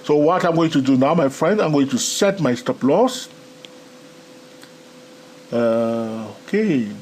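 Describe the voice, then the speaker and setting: A man with a non-native English accent teaching a live trading tutorial, animated and chatty, often checking in with "okay?" and "my friend". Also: fairly high pitch, slow pace, slight background noise. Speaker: trading educator.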